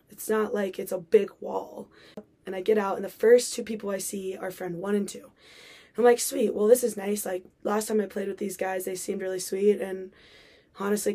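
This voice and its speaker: A woman's voice: medium pitch, mellow. A young woman hosting a podcast, telling a personal story in a chatty way with many fillers and acted-out quotes. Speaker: podcast host.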